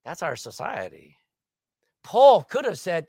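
A man preaches a sermon in a sing-song, high-sitting voice at normal speed, posing rhetorical questions and swinging between loud and soft. The recording is dry.

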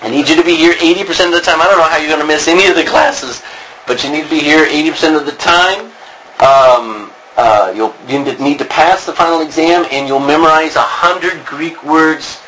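Bright-voiced man lecturing, full of ums. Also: a little high, fairly quick, a little hiss or hum, poor audio. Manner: rambling, many ums and restarts. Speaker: Bible Greek teacher. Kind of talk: classroom lecture. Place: classroom.

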